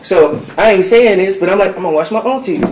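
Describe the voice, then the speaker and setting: A man with a high-pitched voice rushes through his account, acting out each line he quotes and piling on fillers as he goes. He sounds as if he is in an echoey room. A faint background noise hums underneath. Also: darkish tone. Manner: acts out quoted dialogue, rambling with many fillers. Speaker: client preparing testimony. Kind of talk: animated storytelling.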